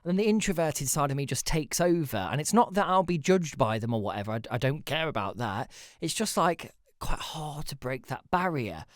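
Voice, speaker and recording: A man's voice: a little high, animated, moderate pace, no echo, clean studio sound. A man hosting a casual solo podcast, rambling and self-deprecating, with the odd swear word. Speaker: podcast host.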